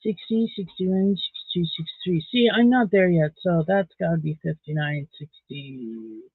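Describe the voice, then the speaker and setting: A man with a high, gravelly voice chats on a home live stream while crocheting. He counts rows under his breath and greets viewers by name. The sound is thin and phone-like in a dead, dry room. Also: moderate pace, no room sound. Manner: chatty, counts stitches aloud under the breath.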